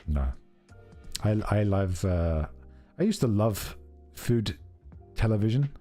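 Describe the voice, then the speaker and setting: Chatty, mellow man. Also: fairly low pitch, animated, takes it slowly, faint music behind. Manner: chatty, rambling, playful. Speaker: streamer. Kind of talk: casual live-stream chat. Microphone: close to the microphone.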